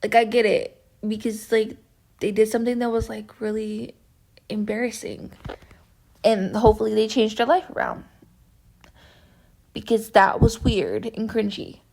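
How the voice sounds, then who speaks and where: A woman's voice: fairly high pitch, flat delivery, a little slow, vocal fry, long pauses, a little mellow. A young woman vlogger chatting casually through a story time, meandering and saying "like" constantly. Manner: chatty and meandering, heavy use of "like".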